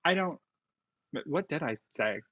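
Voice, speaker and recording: A woman's voice: low voice, expressive, normal speed, a bit bright, breathy edge, highs cut off, full character voice. A woman playing a blunt young college guy. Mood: awkward, confrontational. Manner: awkward, then blunt and confrontational. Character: young male college student, defensive and blunt. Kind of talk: livestreamed stage play performance.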